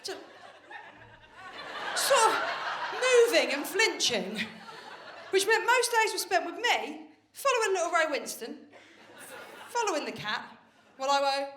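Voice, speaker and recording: A woman's voice: extremely high pitch, very animated, unhurried, long pauses, bright, forceful tone. A woman performing a live stand-up routine, chatty and confiding, swearing casually. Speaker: stand-up comedian. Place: comedy venue stage with live audience. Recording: roomy live venue with audience noise.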